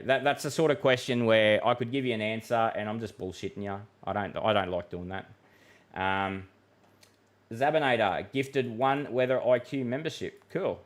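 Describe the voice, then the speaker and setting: Chatty Australian man hosting a weather livestream. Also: medium pitch. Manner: chatty and matey, with many fillers and restarts. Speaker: weather forecaster and livestream host. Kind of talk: casual livestream chat reading viewer comments.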